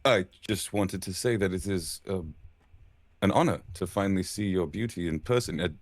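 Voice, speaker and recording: A man voicing a flustered professor who trips over his words, stammering and apologizing as he pays compliments. The voice stays low and dry, close to the mic. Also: normal speed, no echo.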